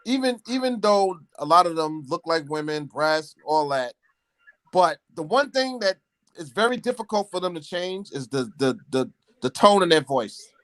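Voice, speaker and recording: A man talking in an animated, opinionated way during a casual chat, laughing between his points. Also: on the high side, moderate pace, no echo.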